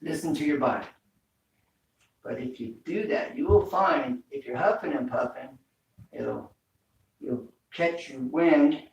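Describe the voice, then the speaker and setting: Unhurried and pausing often, this fitness instructor has a medium-pitched, darkish voice. He teaches a home workout, repeating breathing cues, captured in an echoey room from a distant mic.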